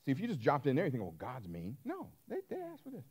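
Male pastor mid-sermon, lively and expressive, drops to near-whispers then booms, quizzes his listeners. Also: very fast, breathy edge. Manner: animated, swings from loud to hushed, call-and-response questions.

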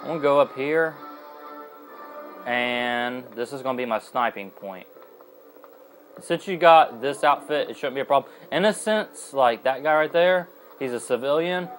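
A man's voice: mid-range voice, measured pace, soft background music, low-quality recording. A young adult man giving casual, rambling let's-play commentary as a gaming host, with plenty of fillers and self-corrections.

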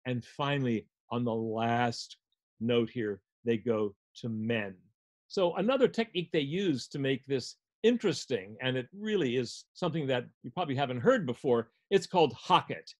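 A man's voice: mid-range voice, expressive, moderate pace. An older man lecturing on music, explaining a score step by step as he guides listeners through it.

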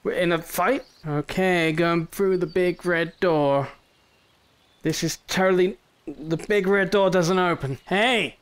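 A young man giving excitable gameplay commentary, full of swearing and mock threats. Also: high-pitched. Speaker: gaming YouTuber.

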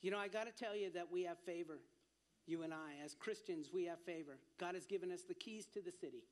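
A man preaches to his congregation in a fairly high voice. He tells a personal story earnestly, repeating words as he restarts, and grows more fervent as he goes. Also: fairly quick. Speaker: ministry leader speaking at church.

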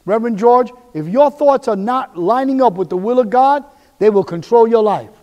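A man's voice: very high voice, normal speed, in a large hall, lo-fi sound. A man preaching a sermon as pastor, emphatic and repetitive, voicing quoted inner voices.

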